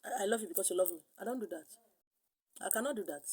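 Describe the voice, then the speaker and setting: A middle-aged woman with a Nigerian accent preaching a sermon, animated, slipping into pidgin and acting out other voices. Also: mid-range voice, rapid-fire, husky. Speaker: spiritual teacher.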